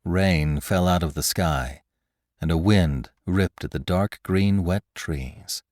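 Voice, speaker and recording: A man narrating a story in a dramatic, expressive reading style. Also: sits low, slow, dry recording. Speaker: podcast host and narrator. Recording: dry close studio sound.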